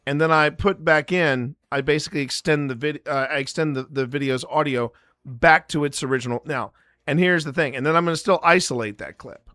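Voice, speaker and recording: Bright-voiced man chatting to his stream. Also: a little high, brisk, no room sound, clean studio sound. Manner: rambling and jokey, talks straight to the chat. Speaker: paranormal investigator and live stream host. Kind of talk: live stream tutorial chat.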